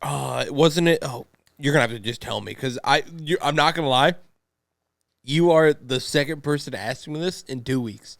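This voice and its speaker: A man's voice: medium pitch, moderate pace, gravelly, a bit bright, no room sound, clean studio sound. A man co-hosting a casual podcast chat, rambling loosely and laughing easily. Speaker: podcast co-host.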